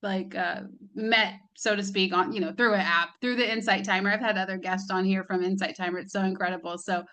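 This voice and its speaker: A woman's voice: mid-range voice, steady tone, brisk, a bit bright. A woman hosting an interview podcast, chatting casually with frequent fillers. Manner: chatty, upbeat, fillers like "like" and "you know". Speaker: podcast host.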